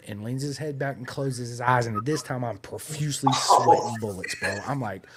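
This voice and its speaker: Profane, animated man storyteller. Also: mid-range voice, fairly quick, hardly any pauses, noisy background. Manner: profane, punctuates with "right?" and "bro". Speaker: race team member guest.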